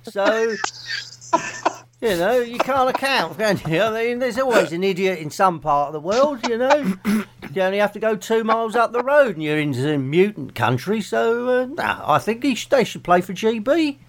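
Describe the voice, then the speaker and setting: A man's voice: high voice, very animated, normal speed, slight background noise. A man co-hosting a football podcast, dry and jokey, full of sarcastic asides. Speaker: podcast co-host. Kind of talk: casual football chat.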